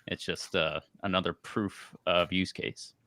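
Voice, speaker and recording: A man co-hosting a casual panel discussion, enthusiastic and halting, with frequent restarts. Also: deep voice, fairly even intonation, sharp tone. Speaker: podcast co-host.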